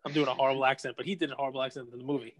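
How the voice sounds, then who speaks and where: A man's voice: medium pitch, little pitch movement, a crowd in the background, poor audio. A man co-hosting a podcast, chatting in an easygoing way and joking around. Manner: easygoing, quick to joke. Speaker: podcast co-host. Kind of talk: casual chat.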